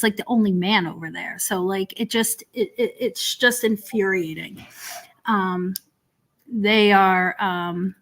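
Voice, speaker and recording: This woman hosts a casual drama commentary stream, rambling along with plenty of ums and restarts in an exasperated, sarcastic tone. Her voice sits at medium pitch with a slightly bright quality.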